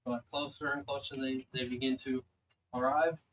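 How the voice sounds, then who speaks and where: A man at a middle pitch narrates a tabletop battle as game master. He talks loosely, full of fillers and small restarts, with a faint hiss of noise behind him. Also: flat delivery, normal speed, fairly bright tone, rough recording.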